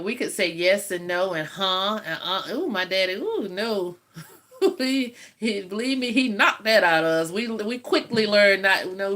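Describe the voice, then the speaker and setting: A woman's voice: medium pitch, a bit bright. A woman, chatting casually and laughing often while hosting a livestream from home. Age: 50s. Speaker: livestream host. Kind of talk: casual live chat with viewers.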